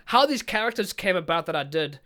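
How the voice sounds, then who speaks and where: A man's voice: high voice, animated, bright, forceful tone. A young South African man hosting a podcast, chatting in a jokey, rambling way. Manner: jokey, rambling, quick to laugh. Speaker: podcast host. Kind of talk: casual interview chat.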